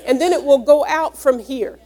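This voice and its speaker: High-voiced woman preaching earnestly. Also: moderate pace, dark tone, some chatter behind. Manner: earnest, teaching, explains each word. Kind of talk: sermon with scripture reading.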